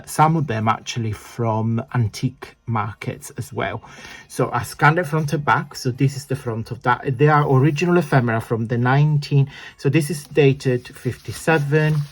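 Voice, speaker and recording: Chatty man demonstrating a craft. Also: mid-range voice. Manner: chatty, self-deprecating, talks while working. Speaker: crafting channel host. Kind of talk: casual crafting tutorial.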